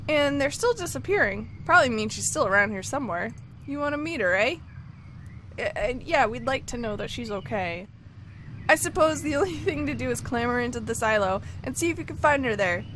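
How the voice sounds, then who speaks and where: A woman reading as a friendly male farmer, chatty and matter-of-fact. The voice stays fairly high and bright, with lively rises and falls. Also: brisk, slight background noise. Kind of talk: reading game dialogue aloud in character.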